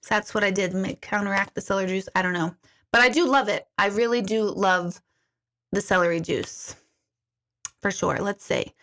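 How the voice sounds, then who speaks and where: A woman's voice: medium pitch, normal speed, fairly bright tone. A woman chatting casually with viewers on a live stream, telling stories, laughing and reading out their comments. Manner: chatty storytelling, laughs often, reads viewer comments aloud. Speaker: intuitive hosting a live chat.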